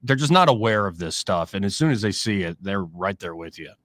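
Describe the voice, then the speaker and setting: Male call-in host, animated and casual, close dry studio mic. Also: low voice, a little fast, dry recording. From Alabama. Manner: lively, conversational, laughs easily. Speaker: radio talk show host. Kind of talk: call-in radio chat.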